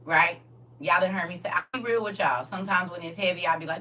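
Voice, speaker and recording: Woman, live streamer, candid casual talk, speaking straight to viewers, low pitch, slightly distant phone mic. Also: moderate pace, sharp tone, slight background noise. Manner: candid, talks directly to her audience.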